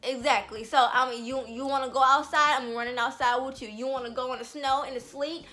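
A young woman telling a storytime vlog, animated and blunt, swearing freely. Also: high-pitched, brisk. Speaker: vlogger.

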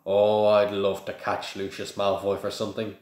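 Excitable balding wizard dad, a guy doing him way up high and loud, echoey room. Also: normal speed, lightly acted. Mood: indignant. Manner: excitable, eager. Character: excitable balding middle-aged wizard father.

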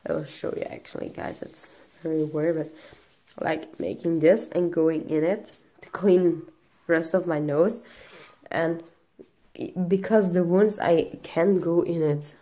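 A young woman with a low voice talks to her camera in a casual vlog. Her English is halting and packed with fillers. She sounds out of breath and breaks off to cough. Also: fairly even intonation, dark tone. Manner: halting, non-native English full of fillers. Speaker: vlogger.

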